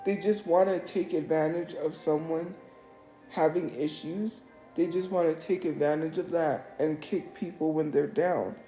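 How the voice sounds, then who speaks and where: A woman's voice: low-pitched, steady tone, a little slow, warm tone. Upset woman livestreaming in an echoey room. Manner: upset, defensive, repeats herself. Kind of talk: emotional live-stream monologue. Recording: echoey room, faint music.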